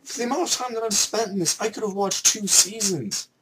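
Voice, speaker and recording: Excitable young man ranting animatedly. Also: high-pitched, a little fast, heavy background noise. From Canada. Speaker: vlogger. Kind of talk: ranting vlog.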